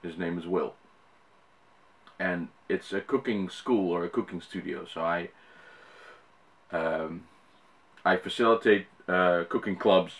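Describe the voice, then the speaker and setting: Deep-voiced Dutch man rambling on camera. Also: slow pace, long pauses, a bit bright. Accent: Dutch speaker with an American-sounding English accent. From Netherlands. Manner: rambling, many fillers and restarts. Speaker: YouTuber. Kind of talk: casual talk to camera.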